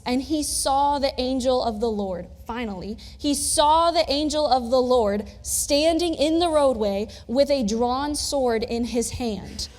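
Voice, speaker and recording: A woman's voice: high voice, a little mellow. A young woman preaching a sermon in a casual, conversational storytelling manner with touches of humor, recorded in a church. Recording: long church reverb.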